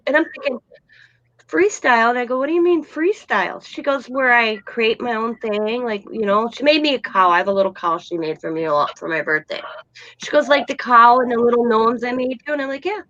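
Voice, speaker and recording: An older woman hosting a casual chat, telling lively stories about her granddaughter. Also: a little high, a little fast, dry recording, muffled recording. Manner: animated storyteller, quotes her granddaughter. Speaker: host.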